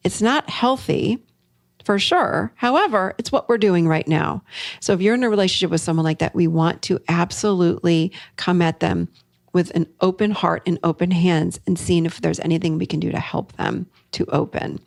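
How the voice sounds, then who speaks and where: Woman therapist host, middle-aged, low gravelly voice, dry close recording, lively solo talk. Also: moderate pace, no echo. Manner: animated, acts out client quotes.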